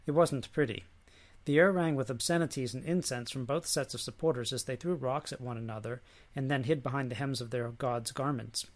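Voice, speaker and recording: A man delivers a lecture, reading a book passage aloud in a measured, dry manner. His voice sits at an ordinary middle pitch.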